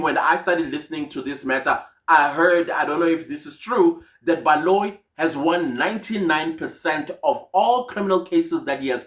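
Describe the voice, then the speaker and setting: A man's voice: a little high, a bit bright. A South African man giving casual, indignant commentary on a court case, mixing in Zulu phrases. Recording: echoey room.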